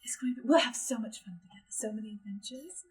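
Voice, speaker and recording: A woman voicing a frail, sheltered young noblewoman who talks softly and breathlessly, in a tabletop role-play. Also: high-pitched, moderate pace, lightly acted. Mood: dreamy whisper.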